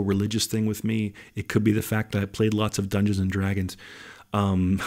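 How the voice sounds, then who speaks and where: A man with a low, gravelly voice answering listener questions on his podcast. He rambles in a relaxed way, swears casually, and sounds like his voice is wearing out. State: losing his voice. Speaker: podcast host.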